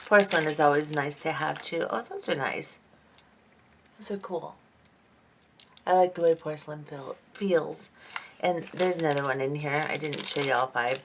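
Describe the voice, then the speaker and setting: A woman's voice: fairly low pitch, a little hiss or hum. A woman vlogger chatting casually as she unboxes craft beads, reading each item aloud and admiring them. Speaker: jewelry-making vlogger. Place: home craft table under lamps.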